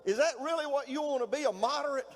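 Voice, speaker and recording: A middle-aged man with a Southern Mississippi accent, giving a folksy, rousing political rally speech as a governor and often shouting to the crowd. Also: very high-pitched, quick pace. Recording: reverberant hall, faint noise.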